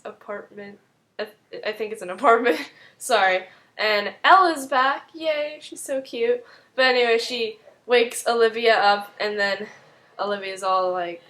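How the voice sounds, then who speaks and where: A woman's voice: fairly high pitch, fairly bright tone, poor audio. A young woman casually retelling a TV episode, rambling and full of fillers. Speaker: video recap host.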